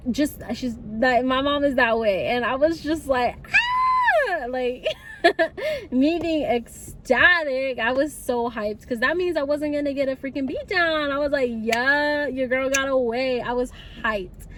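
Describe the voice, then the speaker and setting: Young woman, high bright voice, chatty storytime delivery, faint road noise behind. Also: moderate pace, hardly any pauses. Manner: chatty, animated, laughs often. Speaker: vlogger. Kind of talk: casual storytime.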